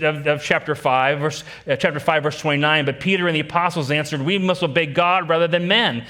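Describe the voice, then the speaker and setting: Man, pastor, sermon, emphatic, repeats key phrases, questions the congregation, slightly raised pitch. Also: sharp tone.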